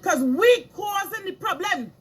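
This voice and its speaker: A middle-aged woman speaks in a strikingly high voice. She delivers an impassioned moral lecture as a spiritual speaker. She scolds emphatically, hammering her points home by repeating phrases. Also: lively intonation, unhurried.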